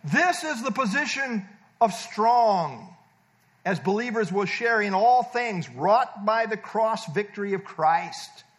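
A man's voice: high voice, lively intonation, takes it slowly. A man preaching a sermon, emphatic and teaching, stressing points by repeating words. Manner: teaching, explains verb tenses and verses. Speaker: pastor.

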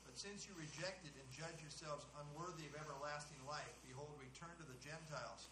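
A man in a Bible study group reading a scripture passage aloud at a steady pace. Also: on the high side, a little fast, roomy sound, background noise.

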